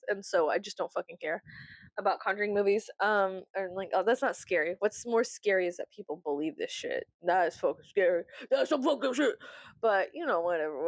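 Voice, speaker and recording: Animated, swearing woman vlogger. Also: mid-range voice, no room sound. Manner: animated, laughing, swearing, theatrical outbursts. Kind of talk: casual chat.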